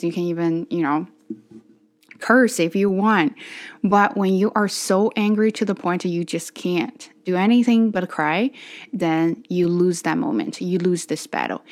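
A young adult woman telling a personal story for her vlog, candid and wordy, with many restarts and fillers. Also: fairly low pitch. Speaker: vlogger.

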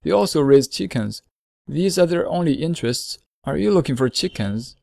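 Storybook fox read by a man: wise, lonely, patient, a touch higher than plain talk, dry close sound. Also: animated, creaky, darkish tone, no room sound. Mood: earnest. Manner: earnest, measured, explaining slowly. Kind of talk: storybook reading.

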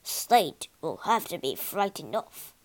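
A woman's voice: on the low side, very animated, takes it slowly, pitched below the performer's own voice. A woman putting on a stern ghostly hotel manager.

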